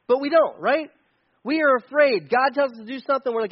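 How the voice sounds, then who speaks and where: Male pastor preaching, high voice, chatty and animated, dull lo-fi sound. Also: brisk. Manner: conversational and animated, shouting for emphasis. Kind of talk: sermon.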